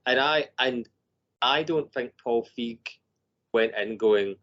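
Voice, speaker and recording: A man's voice: mid-range voice, slow. Chatty man with a ready laugh. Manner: chatty, laughs often, rambling restarts. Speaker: filmmaker guest. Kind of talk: casual chat. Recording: dull lo-fi podcast audio.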